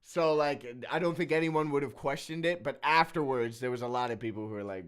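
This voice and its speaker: A man's voice: medium pitch, brisk. A man hosting a reaction video, giving easygoing commentary that trails off with fillers. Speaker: reaction channel host.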